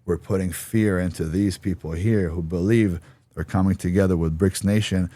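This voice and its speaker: Blunt, deep-voiced man, dry studio sound. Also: steady tone, normal speed, warm tone. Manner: blunt, emphatic, swears freely. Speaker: podcast guest. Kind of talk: personal interview storytelling.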